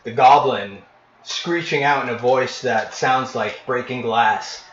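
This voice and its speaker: A man narrating as game master, painting scenes in vivid detail with frequent pauses and restarts. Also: mid-range voice, a bit bright, slight background noise. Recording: echoey, dull lo-fi room recording.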